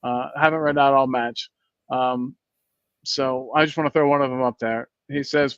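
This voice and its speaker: A man's voice: medium pitch, fairly even intonation, normal speed, fairly bright tone, clear, resonant tone, no echo. A man hosting a casual fan stream, rambling and reading viewer comments aloud. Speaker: podcast host reading live chat. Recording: dry, dull lo-fi mic sound.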